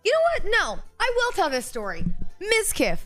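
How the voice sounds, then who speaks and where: A woman streamer telling a story casually to her live chat, animated and profane, laughing as she goes. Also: very high voice, moderate pace, soft background music.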